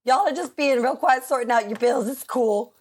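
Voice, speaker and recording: A woman's voice: sits high, moderate pace, a little mellow, slight background noise. A woman playing a tabletop game, playful and joking. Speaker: player.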